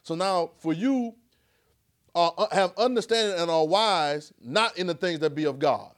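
A man preaches to his congregation. He works the room with call and response and swings between quiet explaining and loud shouted calls. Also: on the high side, expressive, moderate pace. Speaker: pastor. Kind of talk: sermon. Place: church before a congregation.

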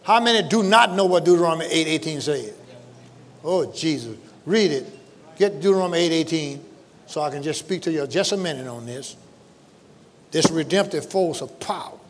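A man preaching a sermon to his congregation, leading call-and-response lines and breaking into shouts, with folksy, joking asides. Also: fairly high pitch, expressive, moderate pace, big-room sound. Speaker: pastor. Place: church sanctuary.

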